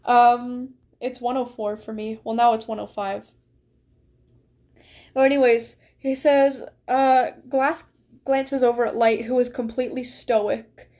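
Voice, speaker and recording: Giggly high-voiced young woman streamer. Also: steady tone, a little slow, darkish tone. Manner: giggly, rambling, reads story text aloud to chat. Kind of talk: casual live-stream chat while gaming and reading aloud.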